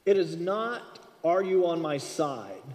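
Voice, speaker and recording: A man with a high voice preaches in a church, his words ringing out with a long hall reverb. He preaches with animation, acting out little dialogues and swinging between loud and soft. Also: takes it slowly. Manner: animated, acts out dialogue with shifts in loudness. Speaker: pastor. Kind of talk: sermon.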